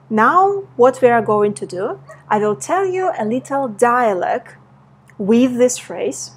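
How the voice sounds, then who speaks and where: A woman teaching a language lesson in English, explaining grammar and repeating example phrases slowly. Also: on the high side, husky. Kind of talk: slow language lesson with read-aloud examples.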